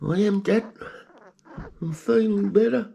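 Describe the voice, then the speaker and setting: Man doing a squeaky, contented pet rat. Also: slow, vocal fry, dark tone, slight background noise, full character voice. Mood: cheerful. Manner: high squeaky put-on voice answering "Dad".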